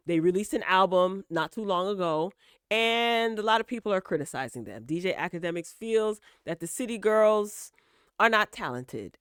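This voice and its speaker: Chatty woman commentator, lower voice, dry. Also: fairly bright tone, smooth, no echo. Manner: repeats "all right?" and "okay?" as check-ins; opinionated, lecturing tone. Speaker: entertainment news commentator. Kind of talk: casual gossip commentary.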